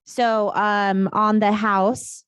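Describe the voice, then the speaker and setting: A woman's voice: mid-range voice, level tone, very slow, a bit bright, smooth, dry recording. A woman teaching a real estate class in a casual, chatty way, telling stories and laughing often.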